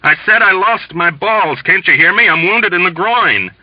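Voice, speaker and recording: A man's voice: sits high, animated, moderate pace, dry recording, highs cut off, pitched above the performer's own voice. A man doing a screaming wounded airman. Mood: panicked. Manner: screaming, pleading. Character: wounded young male airman, panicked.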